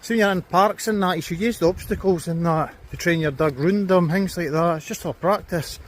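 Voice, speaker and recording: Swearing Scottish man, higher voice. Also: brisk, a little hiss or hum. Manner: blunt, heavy swearing, chatty. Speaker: dog owner and trainer vlogger. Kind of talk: casual vlog chat. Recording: background music under voice. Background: music.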